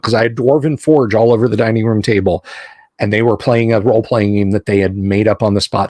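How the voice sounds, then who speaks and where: A man's voice: lowish voice, darkish tone, dry recording. A middle-aged man hosting a casual live stream, rambling with many fillers and restarts. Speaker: stream host.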